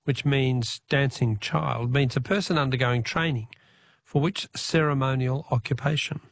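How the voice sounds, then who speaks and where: A man's voice: mid-range voice, fairly even intonation, normal speed. A man with an Australian accent hosting a talkback radio quiz, chatty, reading out listener texts and taking callers. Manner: chatty, reads texts aloud, laughs easily.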